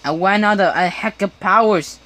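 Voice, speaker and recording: A woman's voice: medium pitch, moderate pace, fairly bright tone, slight background noise. A young woman playing a horror game, swearing and screaming whenever something startles her. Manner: jumpy, swears and screams at scares. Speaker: gamer.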